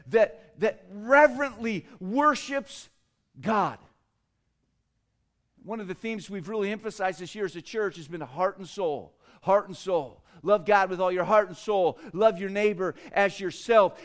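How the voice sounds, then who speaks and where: A middle-aged man preaching a sermon as pastor, emphatic, with repeated words and swings between loud and soft. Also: high-pitched. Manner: emphatic preaching with repetitions, rising and falling loudness.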